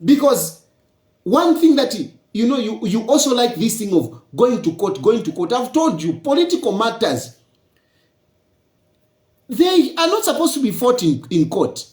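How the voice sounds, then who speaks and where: Zambian man lecturing, lively pitch. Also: measured pace, roomy sound. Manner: lecturing with rhetorical questions. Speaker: politician. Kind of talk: public political address.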